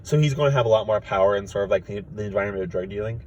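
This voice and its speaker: A young man casually pitching a story idea, rambling with lots of fillers and restarts. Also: very fast, a little mellow, dull audio, a little hiss or hum. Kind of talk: casual chat.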